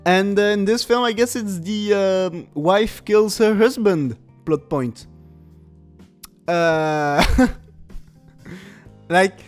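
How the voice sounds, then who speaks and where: A male podcast host with a slightly higher voice rambles through a comedic review of a bad film. He laughs often and leans on filler words. Faint music sits underneath. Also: extremely slow, long pauses.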